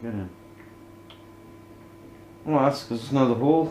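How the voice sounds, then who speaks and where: A man in a home workshop talks through a woodworking job step by step, his voice dropping to a mutter as he works. His voice has a middling pitch. The room sounds echoey, and clear background noise runs behind him. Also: fairly quick, pauses often, dark tone. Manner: chatty, talks himself through each step, often muttering under his breath. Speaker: DIY woodworking vlogger. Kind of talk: casual workshop demonstration.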